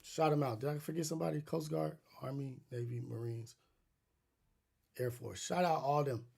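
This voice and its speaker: A man's voice: on the high side, fairly even intonation, moderate pace, creaky, warm tone, slightly rough. A middle-aged man hosting a podcast, telling stories in a loose, profane, rambling way with many restarts. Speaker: podcast host. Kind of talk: casual storytelling monologue.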